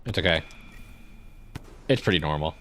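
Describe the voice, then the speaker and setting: A man's voice: a bass voice, expressive, moderate pace, pushed and bright, a little hiss or hum. A man streaming a game in casual chat, talking with a slight lisp and some trouble with consonants, rambling and self-deprecating. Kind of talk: casual chat while gaming.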